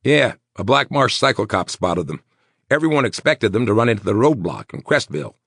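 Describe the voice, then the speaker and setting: A man voicing a nervous, sweating male mayor, talking in tense, insistent rapid bursts. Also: fairly low pitch, sing-song, fairly bright tone, slightly rough, dry recording, studio quality, voice pushed up, heavily acted. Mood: worried.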